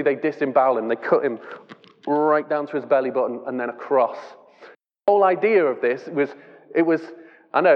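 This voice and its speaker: A man's voice: on the high side, in a large hall, lo-fi sound. A man from England giving a casual, chatty sermon, often restarting his sentences. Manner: casual, chatty and self-deprecating, with repeated restarts. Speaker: preacher. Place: church hall.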